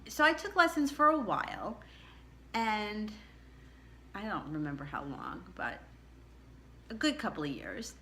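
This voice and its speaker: A woman's voice: very animated, measured pace, pauses often, bright, forceful tone, slight background noise. A woman telling a personal childhood story in a chatty, reflective way, her voice jumping up on the words she stresses. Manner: chatty and reflective, pitch rising sharply on emphasis. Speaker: tarot channel host.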